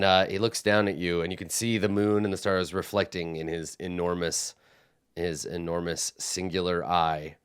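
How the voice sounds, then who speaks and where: A game master narrating a tabletop role-playing session at a slow, unhurried pace. His voice is clear and smooth, a little low, and he pauses often to find his words. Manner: unhurried, with many fillers and restarts while describing.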